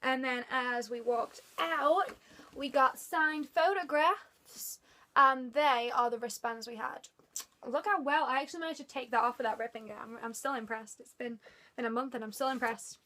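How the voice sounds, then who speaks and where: A woman vlogger telling a story casually to the camera, excitable and gushing, filling her talk with "like". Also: high voice, moderate pace.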